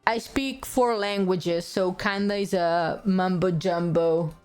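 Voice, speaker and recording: A woman's voice: fairly low pitch, steady tone, slow, darkish tone, clean tone, soft background music. A woman streaming a game and chatting casually. She has a strong non-native accent and talks hesitantly, often restarting with filler sounds. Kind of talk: casual live-stream chat while playing a game.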